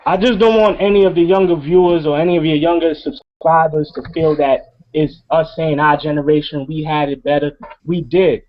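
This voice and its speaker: Impassioned high-voiced man ranting. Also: fairly even intonation, normal speed. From New York. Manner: emphatic, profane, preaching. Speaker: co-host of a wrestling review show. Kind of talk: impassioned rant. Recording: dull lo-fi sound.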